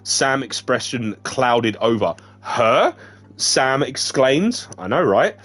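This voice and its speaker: A man's voice: mid-range voice, animated, takes it slowly, fairly bright tone. A man reading a novel aloud on a stream, stumbling over words and breaking off for joking asides. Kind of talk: casual read-aloud with asides.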